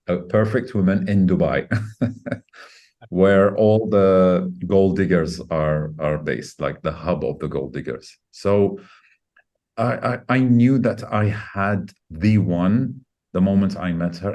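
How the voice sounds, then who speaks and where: A man's voice: low voice, unhurried, warm tone. A middle-aged man, a podcast guest, candidly telling a personal story in an earnest, reflective way. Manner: earnest, reflective, speeds up when quoting himself.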